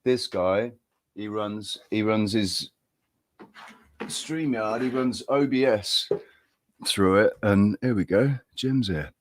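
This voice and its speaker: Low-voiced english guy rambling on a live stream, dry close sound. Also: slow pace, long pauses, no room sound. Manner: rambling, friendly, greets viewers by name. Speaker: livestream host. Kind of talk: casual live-stream chat.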